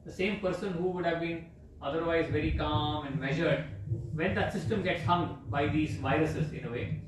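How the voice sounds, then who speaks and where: Man, temple discourse, storytelling, slightly high voice, very echoey hall, distant mic. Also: normal speed, background noise. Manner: explanatory, checks in with listeners. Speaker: religious discourse speaker.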